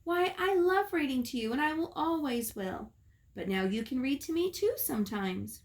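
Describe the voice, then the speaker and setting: A woman's voice: sits high, expressive, normal speed, voice pushed up. A woman doing a kind, patient mother. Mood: gentle. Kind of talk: storybook read-aloud.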